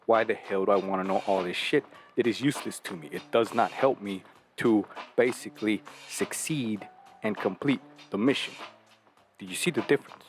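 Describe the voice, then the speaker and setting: A man's voice: fairly low pitch, moderate pace, soft background music. A man hosting a talk show, lecturing bluntly and profanely, full of rhetorical questions. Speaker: podcast host giving dating advice. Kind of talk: casual talk.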